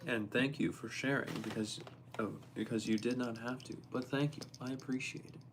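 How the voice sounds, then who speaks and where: A young man hosting a casual livestream, reading viewer messages aloud and reacting to them in a quick, playful way. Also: medium pitch, steady tone, noisy background. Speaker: livestream host. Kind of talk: casual live-stream chat.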